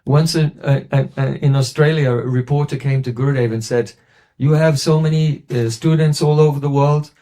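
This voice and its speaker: Mellow-voiced man telling a devotional story. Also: normal speed. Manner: relaxed storyteller, quotes others in a lowered voice. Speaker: spiritual teacher.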